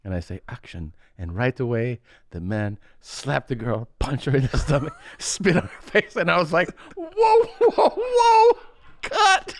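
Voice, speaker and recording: A man co-hosting a casual podcast, telling stories with animated bursts of high laughter. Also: moderate pace, few pauses, no echo. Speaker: podcast co-host.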